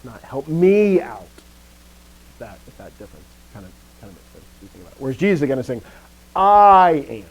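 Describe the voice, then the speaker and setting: This man's voice is animated, quick and slightly rough, and the audio is poor. Teaching Greek in a relaxed, self-correcting style, he frequently stops to check with his students and punches stressed words, making them louder and higher to demonstrate emphasis.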